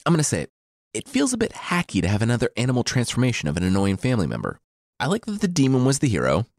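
A man's voice: medium pitch, huge pitch swings, very fast, a little mellow, no room sound, clean studio sound, voice pushed up. A man voicing a grumpy male demon who critiques a story like a sarcastic reviewer.

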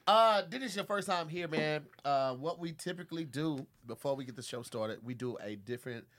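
Hyped, bright-voiced male comedy podcast host. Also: fairly high pitch, animated, a little fast. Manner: profane, hyped, laughing, MC-style introductions. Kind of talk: loose comedic banter.

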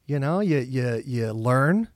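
A middle-aged man tells stories from his career in a relaxed interview, with a lively delivery that jumps around in pitch. He plays out his own inner voice as he goes. The sound is dry and close, recorded in an office. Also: slow, dry recording. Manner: animated storyteller, acts out his own inner voice. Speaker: comedian and actor guest. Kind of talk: casual interview storytelling.

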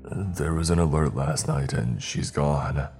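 A man voicing a grieving middle-aged father who speaks in a wavering, broken monotone. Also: unhurried, creaky, soft background music, full character voice. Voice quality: wavering baritone.

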